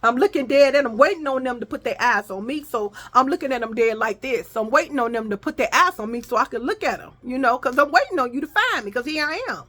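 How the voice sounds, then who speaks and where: A woman's voice: high voice, expressive, quick pace, few pauses, a bit bright. A woman vlogger telling a story to her viewers in a casual, profane style, acting out the arguments she quotes.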